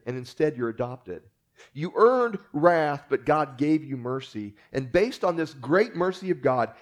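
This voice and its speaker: Man, pastor, casual joking sermon delivery, slightly higher voice, easy pace. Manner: conversational preaching with jokes and frequent fillers.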